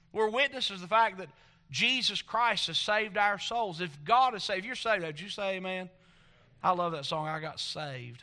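A man preaching a sermon as pastor, reading scripture aloud and then explaining it with rhetorical questions, swinging between soft reflective lines and loud emphatic points. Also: high voice.

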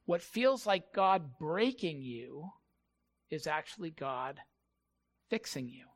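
A male pastor giving a sermon, telling a story in a halting way and repeating words. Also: a little high, big pitch swings.

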